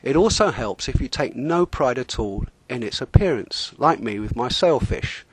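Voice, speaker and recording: Deadpan man telling a sailing story. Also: mid-range voice, normal speed, breathy edge, dry recording. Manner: deadpan, wry. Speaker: amateur sailor telling a comic story. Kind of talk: humorous spoken monologue.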